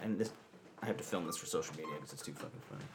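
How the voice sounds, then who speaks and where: A man's voice: extremely low pitch, very fast, noisy background. A man hosting a casual interview, playful and goading, laughing often as he runs a card game with his guests. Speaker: podcast host.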